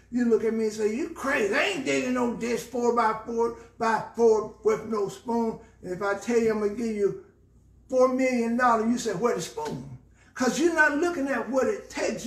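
A man's voice: very high-pitched, reverberant, recorded from a distance. A man with a Southern US accent, a pastor teaching a Bible study and preaching, repeating phrases for emphasis. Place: church.

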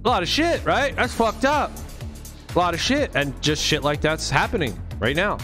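A man rants in a casual vlog monologue, swearing heavily and using street slang. His voice sits somewhat high and he leans hard on his words. Faint music plays in the background. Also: animated, normal speed, sharp tone. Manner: profane, emphatic, street slang. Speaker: vlogger.

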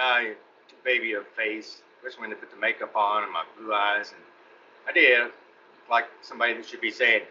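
Chatty Texan man, very bright tone. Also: medium pitch. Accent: Texan Southern. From East Texas. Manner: chatty, rambling, laughs between anecdotes. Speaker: guest actor. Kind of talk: casual interview storytelling. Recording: muffled podcast audio with faint hiss.

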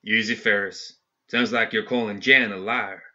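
A man's voice: fairly low pitch, fairly even intonation, moderate pace, bright, forceful tone. A man voicing a mean, sly outlaw gang boss in a dull lo-fi audiobook recording. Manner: sly, grinning. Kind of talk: audiobook story reading.

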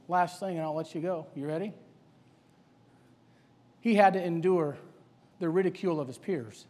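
A man's voice: fairly high pitch, moderate pace, long pauses, a little mellow, big-room sound. A male preacher delivering a sermon, hammering the congregation with rhetorical questions. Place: church sanctuary.

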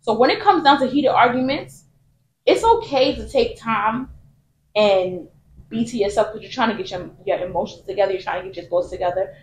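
A woman's voice: on the high side, a little fast, roomy sound, slight background noise, poor audio. A woman hosting a casual podcast, steadily explaining her view and asking the next question. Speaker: podcast host.

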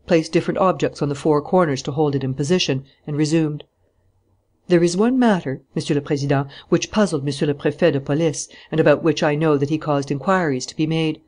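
An audiobook narrator with a middle-pitched voice, reading a classic novel in a steady, measured way. Heated lines come out louder and a little higher, while the narration stays even. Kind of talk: scripted narration.

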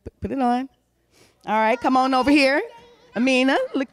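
A woman's voice: sits high, normal speed, no echo, clean studio sound. A woman hosting a congregation youth talent show, cheerfully calling up children and handing out awards, speaking. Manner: animated, cheering, calls out names. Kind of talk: lively emcee handing out awards. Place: congregation hall.

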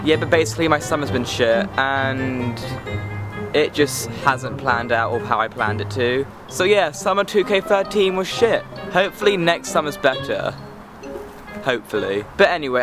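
A teenage boy from England, chatting to camera outdoors in a sarcastic, rambling, easily distracted way. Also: on the high side. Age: teens. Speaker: vlogger. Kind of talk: casual chat to camera.

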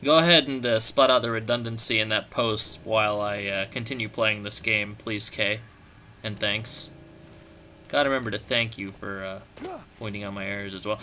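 A man giving joking gameplay commentary while playing, animated and quick to break into shouts and laughter. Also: on the low side. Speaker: let's play gamer.

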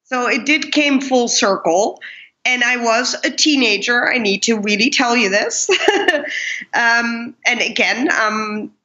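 A woman, originally from Pakistan, telling her life story as an interview guest, animated and acting out the people she quotes. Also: fairly high pitch, slow. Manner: animated, acts out quoted people, laughs often. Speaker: guest, keynote speaker. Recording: dull lo-fi recording.

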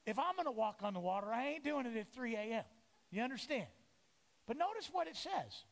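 A man delivers an animated sermon from a church pulpit, jumping into the voices of the people in his story. His voice sits high for a man. The sound carries a long reverb from the church sanctuary. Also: brisk. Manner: animated, acts out voices of the disciples and Jesus. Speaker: pastor. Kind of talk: lively sermon. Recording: echoey church hall.

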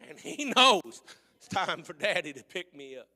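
A man with a Missouri accent preaches in a high, very bright voice, talking in folksy country speech. He moves between hushed storytelling and loud, shouted preaching. His voice rings with the long reverb of a church sanctuary. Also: sing-song, moderate pace. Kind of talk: sermon.

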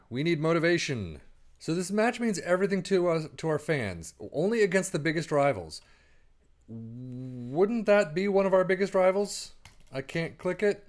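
A man casually commenting on his own football management game as he plays, thinking aloud and breaking into quick play-by-play. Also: on the high side. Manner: chatty, rambling, thinks aloud, bursts into play-by-play. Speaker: gaming YouTuber.

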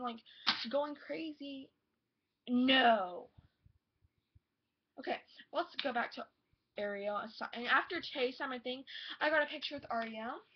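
A teenage girl telling a rambling, excited storytime vlog, gushing and full of "like" and "oh my god". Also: sits high. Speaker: vlogger. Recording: dull lo-fi home video audio.

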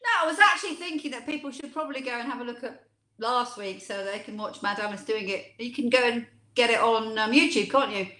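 A woman co-hosting a casual chat show, playful and quick to laugh. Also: a little high, bright, forceful tone, reverberant. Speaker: co-host.

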